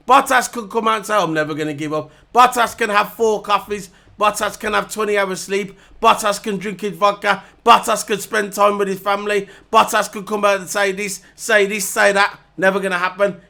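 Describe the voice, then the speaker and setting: Casting note: man, high voice, heated mocking vlog rant full of repetition. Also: sharp tone. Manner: heated, repetitive, mocking, hammers points over and over. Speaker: vlogger reviewing races. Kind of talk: ranting casual monologue to camera.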